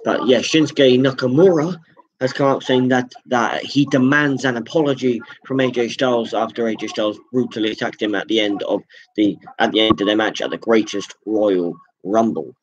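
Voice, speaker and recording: A man hosting a live reaction stream, calling wrestling moves with excited jumps and chatting to his viewers. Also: medium pitch, normal speed, muffled recording. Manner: chatty, thanks viewers directly.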